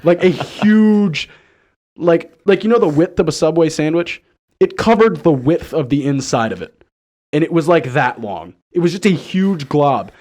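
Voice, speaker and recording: High-voiced man telling a story. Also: normal speed. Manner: animated storyteller, swearing, laughing often. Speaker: podcast co-host. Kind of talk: casual chat.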